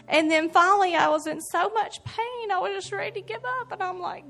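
Bright high-voiced woman giving testimony. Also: a little fast, vocal fry, few pauses. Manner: emotional, earnest, animated storytelling. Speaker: church member giving testimony. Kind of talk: church testimony. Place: church service.

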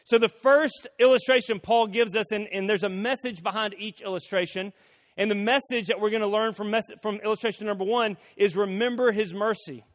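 A male pastor preaching a sermon, telling stories with quick folksy asides. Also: high-pitched, fairly even intonation. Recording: long reverb of a hall.

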